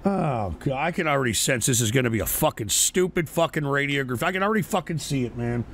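Hosting a call-in show, a man swears, takes shots on air, and launches rowdy mock-rants at trolls in profane banter. He talks fast at medium pitch with lively intonation and a slightly bright sound, over slight background noise.

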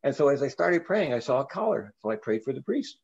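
An older man, a reverend, telling a story in an interview in an earnest way, with frequent halting restarts. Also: mid-range voice, sing-song, vocal fry, darkish tone, breathy edge, muffled recording.

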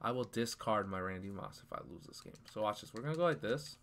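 Young man shouting over football game. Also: on the low side, expressive, quick pace, a little hiss or hum. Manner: frustrated, trash-talking, bursts into shouts. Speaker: gaming YouTuber. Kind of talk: live gameplay commentary.

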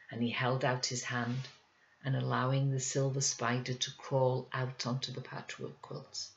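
A woman reading a children's novel aloud in a measured, gentle way. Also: a bass voice, steady tone, creaky, muffled recording. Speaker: audiobook reader. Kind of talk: scripted narration.

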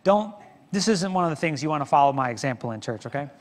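A middle-aged man preaches from the pulpit, spinning a story with self-deprecating humor. His voice sits a little high for a man. A long church reverb trails his words. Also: lively intonation, fast. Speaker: pastor. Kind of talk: sermon. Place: church sanctuary.

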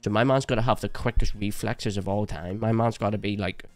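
A man's voice: fairly low pitch, steady tone, a little fast, a little mellow, no echo, faint music behind. A man hosting a reaction video, giving blunt, opinionated commentary and joking along the way. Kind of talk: casual commentary.

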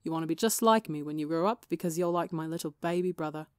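Woman reader voicing a laid-back teasing young man, faintly gravelly. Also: sits low, quick pace, no room sound, clean studio sound, natural voice. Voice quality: slightly gravelly. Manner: teasing and relaxed. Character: teasing, easygoing young man, warm older-brother type.

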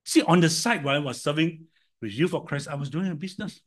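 An older man with a Singaporean English accent preaching a sermon, telling stories and swinging from loud to soft. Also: a little high, animated, fast talker. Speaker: pastor.

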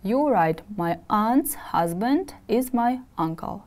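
Teacher lady from kyrgyzstan drilling words with kids, warm low-key tone, clear and patient. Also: lively intonation. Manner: slow, clear drilling with "repeat after me". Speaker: English teacher. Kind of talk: video lesson for schoolchildren.

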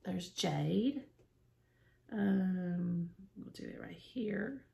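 A woman vlogger chatting excitedly through a makeup unboxing, gasping and gushing and often dropping to a whisper. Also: fairly low pitch, very slow, vocal fry, highs cut off.

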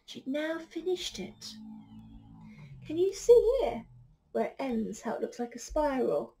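Woman, teacher reading a picture book to kids; high, slow, soft-spoken with hushed whispers. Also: big pitch swings. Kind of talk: picture-book read-aloud.

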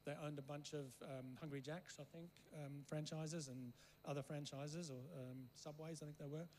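Raised in Africa, this guest preacher learned English only at school and is not a native speaker; his storytelling sermon winds through rambling anecdotes as he keeps checking in with his listeners. His fairly high voice is steady and darkish, at a moderate pace. A faint hum runs behind him on poor audio.

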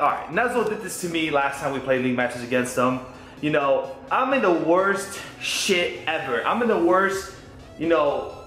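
A young man giving a casual, excitable vlog update, rambling and swearing freely as he talks about his team's matches and his internet upgrade. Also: on the high side. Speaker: gaming YouTuber. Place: home room. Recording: echoey room.

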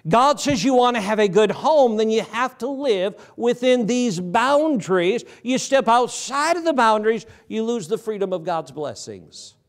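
A middle-aged man delivers a sermon in a church sanctuary, his voice sitting high for a man. He preaches in a folksy, conversational way, tossing rhetorical questions to the congregation and answering them himself. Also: animated, normal speed, few pauses. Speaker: pastor.

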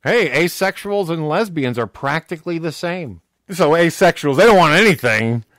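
A man's voice: a little high, expressive, moderate pace, fairly bright tone, no room sound, studio quality. A man co-hosting a podcast, chatting casually in a profane, joking way. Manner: profane, joking, does silly voices. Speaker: podcast co-host. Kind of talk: casual chat.

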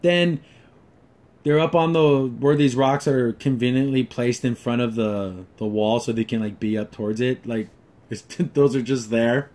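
A man's voice: mid-range voice, steady tone, unhurried, darkish tone. Sarcastic man ranting in a review. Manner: frequent fillers and restarts. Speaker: show reviewer. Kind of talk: casual episode review.

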